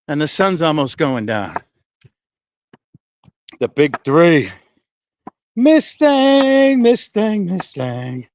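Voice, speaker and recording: A man's voice: medium pitch, dry recording. A man live-streaming while he walks outdoors, chatting loosely and profanely to his viewers and slightly out of breath. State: out of breath from walking. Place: outdoors in wind and breeze.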